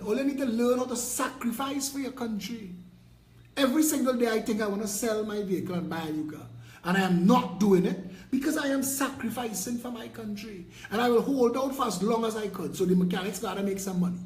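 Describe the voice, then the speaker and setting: A Trinidadian man with a high voice delivers a fiery political rant, preachy and mocking by turns. He sounds like he's in an echoey room. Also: a little fast. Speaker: political party leader. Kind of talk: impassioned video rant.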